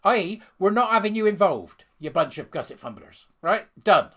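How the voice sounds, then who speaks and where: A man's voice: sits high, very animated, moderate pace, a bit bright. A man giving scornful, sarcastic ranting commentary while reading out a letter.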